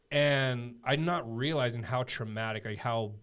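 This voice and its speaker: A man in his thirties, a podcast guest telling a personal story in a casual, earnest way, full of halting restarts and fillers. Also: medium pitch, fairly bright tone, clean tone.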